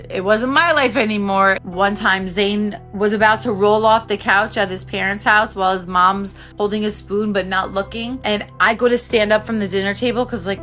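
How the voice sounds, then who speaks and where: Halting woman telling her own story. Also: medium pitch, a bit bright. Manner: halting, many restarts and filler "like". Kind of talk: personal testimony.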